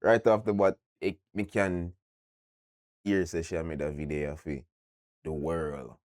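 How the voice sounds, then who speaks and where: A Jamaican man hosting a reaction video, talking in patois, animated and often cutting in. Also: low voice, a little slow, no room sound, clean studio sound. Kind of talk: casual reaction commentary.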